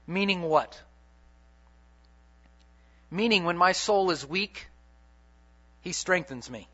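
A man preaching a sermon dramatically, repeating key phrases and swinging between loud and soft. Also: high-pitched. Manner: dramatic, repetitive preaching with big swings in loudness and pace. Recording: dull lo-fi sermon recording.

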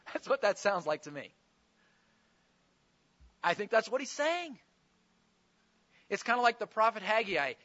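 A man's voice: high-pitched, animated, moderate pace, pauses often, pushed and bright, dull audio. A man preaching a sermon, explaining scripture with earnest, pleading emphasis.

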